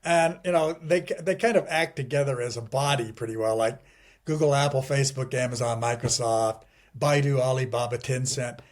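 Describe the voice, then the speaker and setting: A middle-aged man speaks casually as an interview guest, rambling and digressing with lots of restarts and "you know", and chuckling wryly at grim points. His mid-range voice has fairly even intonation at a normal speed.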